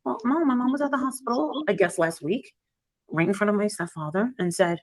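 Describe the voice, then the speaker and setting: A woman's voice: mid-range voice, a little fast, no room sound. A woman hosting a livestream, chatting bluntly with callers, swearing freely and acting out quoted dialogue. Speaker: livestream host. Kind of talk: casual livestream chat with callers.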